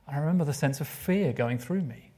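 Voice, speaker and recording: A man preaching a sermon, expressive and asking his listeners questions, sometimes dropping to a hushed voice. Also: fairly high pitch, fast, slightly rough. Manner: expressive, drops to a hushed voice for emphasis; asks the listeners rhetorical questions.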